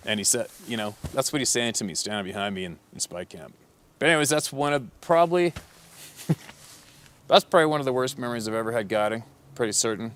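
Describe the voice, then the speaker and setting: A man's voice: mid-range voice, animated, a little fast, a bit bright. A man who works as a hunting guide tells a story in a casual, blunt, profane way, with many filler words.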